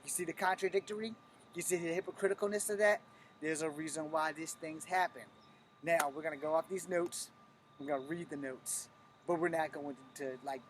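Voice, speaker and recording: A man's voice: fairly high pitch, a little hiss or hum. A middle-aged man, a martial arts instructor, giving a blunt, profane, emphatic teaching talk on a live stream.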